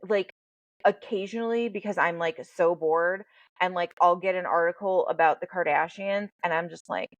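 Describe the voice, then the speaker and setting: A woman's voice: fairly low pitch, normal speed, no echo, low-quality recording. A woman hosting a podcast and working as a life coach. She talks candidly and bluntly, swears freely and tells stories with animation. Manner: blunt, profane, animated storytelling.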